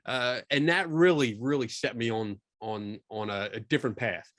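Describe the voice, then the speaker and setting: A middle-aged man tells a story as a podcast guest, lively and quick to poke fun at himself. His voice sits at an everyday, mid-range pitch. The sound is dry and close, with no room around it. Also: no echo. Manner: animated, self-mocking storyteller who acts out his own quotes. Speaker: guest, skeptical paranormal investigator. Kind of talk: casual storytelling in a podcast interview.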